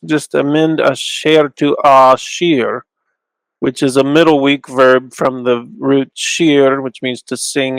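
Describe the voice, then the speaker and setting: Gravelly-voiced man teaching in a dry room. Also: mid-range voice, fairly bright tone, no echo, low-quality recording. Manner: thinking aloud, restarts, slows to stress terms. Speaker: Bible scholar teaching. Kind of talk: informal lecture with Hebrew recitation.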